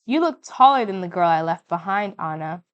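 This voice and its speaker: A woman's voice: fairly low pitch, lively intonation, a little fast, smooth, dull audio, pitched below the performer's own voice, natural voice. A woman reading aloud the lines of a proud Cuban rebel father home from the revolution. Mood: teasing. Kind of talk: audiobook reading.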